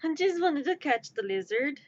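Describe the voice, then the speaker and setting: A woman's voice: sits high, big pitch swings, normal speed, dull audio. A woman streamer chatting casually on a live stream, giggling and rambling, easily amused.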